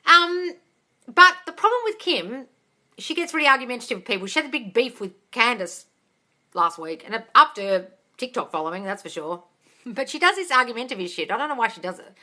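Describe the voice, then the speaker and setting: Woman, casual live-stream coach, slightly high and bright, animated, salty-mouthed. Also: fairly quick. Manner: chatty and animated, swears freely, laughs often. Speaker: manifestation coach, live Q&A host.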